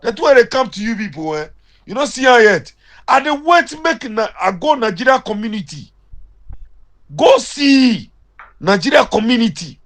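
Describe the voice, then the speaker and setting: A young man with a Ghanaian accent speaks in Pidgin English in a heated, confrontational rant. His voice sits high for a man. He jabs his points out like a voice message to a rival. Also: very animated, moderate pace, fairly bright tone. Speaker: caller sending a voice message.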